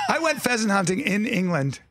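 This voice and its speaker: A man guesting on a talk show, telling animated stories in casual chat and slipping into impressions. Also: high-pitched. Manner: animated storyteller, slips into impressions. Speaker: comedian guest.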